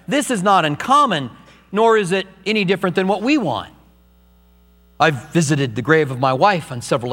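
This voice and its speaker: A man's voice: high voice, fairly bright tone, long reverb tail. A middle-aged man preaching a sermon as pastor, emotional and rising to urgent emphasis.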